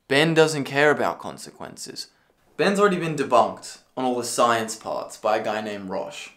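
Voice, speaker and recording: A man delivering a ranting commentary video, sarcastic and profane, now and then bursting into yelling. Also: medium pitch, lively intonation, moderate pace. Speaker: political commentary video creator.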